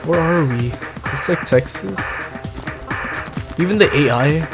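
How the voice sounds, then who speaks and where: A man's voice: fairly high pitch, unhurried. A man commenting on a video game as he plays, reacting with frequent exclamations. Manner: excitable reactions, often exclaiming. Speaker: let's play gamer. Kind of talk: gameplay commentary, reading dialogue aloud. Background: game music.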